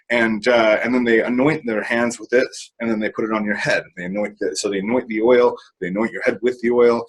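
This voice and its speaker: Male interview guest, husky voice, mid pitch, candid rambling storyteller who swears casually. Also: rough recording.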